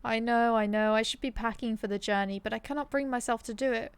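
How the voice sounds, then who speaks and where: A woman's voice: on the high side, fast, smooth, no echo. English woman chatting on a game stream. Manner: chatty, laughing, talks to viewers. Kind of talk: casual live-stream chat.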